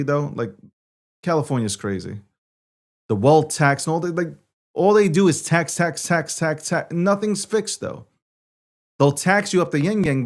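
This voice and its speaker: Male host from New York, punchy and repetitive, rides the volume up and down. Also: fairly high pitch. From New York City. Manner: emphatic, repetitive, swings loud and soft. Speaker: show host. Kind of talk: opinionated political commentary.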